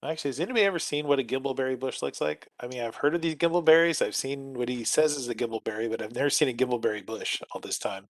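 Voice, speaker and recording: Fast-talking man at a game table. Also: medium pitch, no room sound. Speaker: player. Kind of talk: casual game chat.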